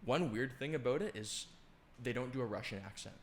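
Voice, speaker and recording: A young man co-hosting a podcast, chatting in a relaxed, rambling way with plenty of fillers. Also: mid-range voice, fairly quick, echoey room, slight background noise. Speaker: podcast co-host. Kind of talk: casual chat.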